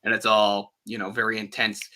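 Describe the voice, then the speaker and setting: Very bright-voiced man chatting about films. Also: on the low side, moderate pace. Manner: animated, acts out quoted lines. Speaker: podcast host. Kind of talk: casual film discussion.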